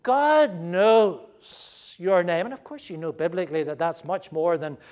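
A man preaching a sermon to a gathered audience, earnest and emphatic, moving between loud stresses and hushed asides. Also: sits high, measured pace.

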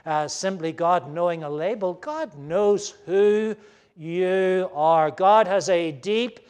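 A man preaching a sermon to a gathered audience, earnest and emphatic, moving between loud stresses and hushed asides. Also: high voice, takes it slowly, clean tone.

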